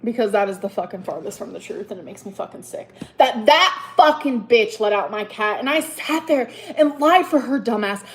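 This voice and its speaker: A woman in her thirties ranting angrily in a vlog, profane and heated, swinging between loud outbursts and low mutters. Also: expressive, moderate pace, hardly any pauses. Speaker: vlogger.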